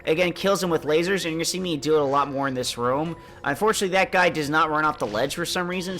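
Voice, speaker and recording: A man's voice: medium pitch, bright, forceful tone. Congested man narrating gameplay. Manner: laid-back, chatty, explains as he plays. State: congested, under the weather. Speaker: gameplay commentator. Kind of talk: casual let's-play commentary.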